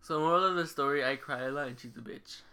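A man's voice: fairly high pitch, quick pace, bright, forceful tone, clear, resonant tone. A man hosting a podcast in casual banter, laid-back and dry, teasing his guest and laughing often. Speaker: podcast host.

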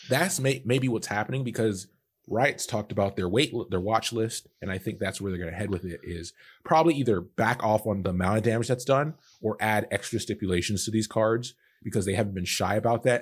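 A man co-hosting a podcast, talking in a relaxed, rambling way with lots of fillers. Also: lowish voice, husky. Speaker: podcast co-host. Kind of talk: casual podcast chat.

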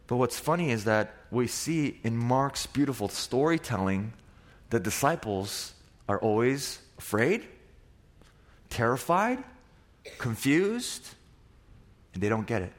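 A man's voice: mid-range voice, big pitch swings, slow pace, pauses often. A young man preaching a sermon, telling stories dramatically and acting out the people in them. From Korea. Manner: dramatic, acts out voices of disciples and Jesus. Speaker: pastor.

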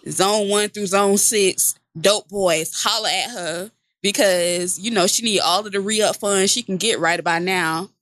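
A woman co-hosting a comedy gossip podcast in casual chat, loud and laughing often. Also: medium pitch, unhurried, dry recording. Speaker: podcast co-host.

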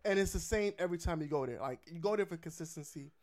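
A man's voice: fairly high pitch, fast talker, a little mellow. A man chatting casually about pizza spots, laid-back and profane, laughing often. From Philadelphia.

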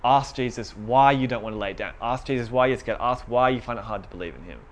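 A man's voice: medium pitch, fast talker. A young man giving a casual, conversational sermon to a small group, retelling a story with quoted voices.

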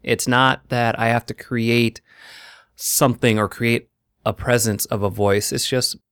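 A male voiceover actor speaking earnestly as a guest in a casual interview, in quick bursts. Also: mid-range voice, fairly even intonation, fairly bright tone, clean tone, no room sound, studio quality.

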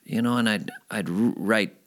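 Man, slightly low voice, former radio host, rambling animated anecdotes. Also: normal speed. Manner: animated, rambling, self-deprecating. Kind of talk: casual interview storytelling.

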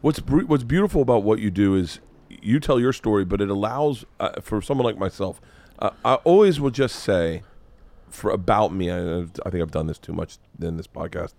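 A man's voice: lowish voice, normal speed, gravelly, a little mellow. A man hosting a podcast in casual chat, rambling and profane, and poking fun at himself. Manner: rambling, profane, self-deprecating. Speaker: podcast host.

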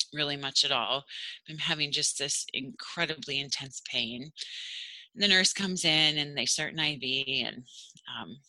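A woman tells a personal story in a loose, rambling way, filling it with "like" and acting out the voices of other people. Her voice is very bright. The recording is dry and close, with no room sound. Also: deep voice, no echo, rough recording. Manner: rambling, many fillers and "like"s, acts out quoted voices.

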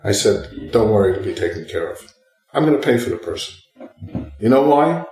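An older man, a retired professor appearing as a guest, tells a story in an interview and animatedly acts out everyone's voices in it. His voice is fairly low and a little fast. The poor-quality audio is reverberant, with faint music in the background.

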